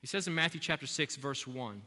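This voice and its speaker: A man's voice: medium pitch, expressive, brisk, pushed and bright. Preaching man in a reverberant church. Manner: earnest preaching, repeats key phrases for emphasis. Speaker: pastor. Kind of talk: sermon. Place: church sanctuary. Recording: long reverb of a large hall.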